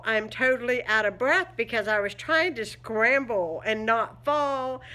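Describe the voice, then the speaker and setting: In a casual home vlog shot indoors, a woman with a slightly high, pushed, bright voice rambles along, laughing frequently and using plenty of fillers.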